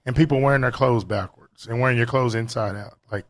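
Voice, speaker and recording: Male co-host, laid-back chat, reflective storyteller, gets animated. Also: medium pitch, a little fast. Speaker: podcast co-host. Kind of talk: casual chat.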